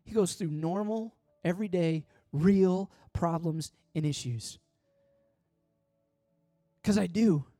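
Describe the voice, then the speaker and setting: A man's voice: high voice, slow pace, long pauses, no room sound, clean studio sound, soft background music. Impassioned male pastor preaching. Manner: impassioned, swings from loud pleading to soft tender asides. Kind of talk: sermon.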